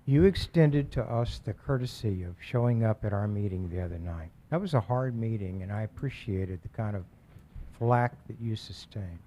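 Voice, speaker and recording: A man addressing a city council during public comment, earnest and measured, often restarting his words. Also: lowish voice, dark tone, a little hiss or hum, rough recording. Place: council chamber.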